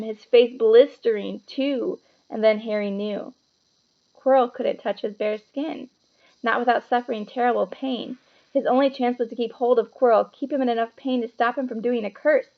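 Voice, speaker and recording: A woman reads a children's fantasy book aloud with dramatic expression. Her voice is fairly high with a gravelly edge, and the recording sounds slightly muffled and lo-fi. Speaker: storybook reader.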